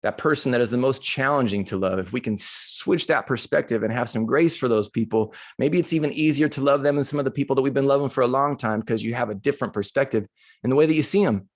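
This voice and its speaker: A man in middle age gives a live motivational talk. He tells a personal story with animated, conversational energy that keeps turning emotional. His voice sits at an ordinary middle pitch. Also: quick pace. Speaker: motivational speaker. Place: live retreat session.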